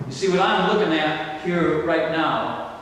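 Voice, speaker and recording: A man's voice: fairly high pitch, fairly bright tone, a little hiss or hum. Older man preaching in an echoey hall. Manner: slow, emphatic preaching with rising exclamations. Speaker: pastor. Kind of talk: sermon. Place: large church or banquet hall. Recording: distant, echoey hall recording.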